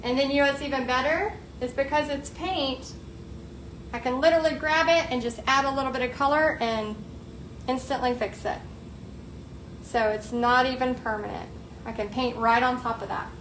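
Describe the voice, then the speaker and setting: An upbeat woman with a high, bright voice chats her way through a live painting lesson. She sounds a little roomy, with an echo off the walls and a faint hiss of noise underneath. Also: normal speed. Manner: upbeat, chatty, talks to viewers as "y'all". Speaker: painting tutorial host. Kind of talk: live painting tutorial, chatty. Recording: echoey room, faint background noise.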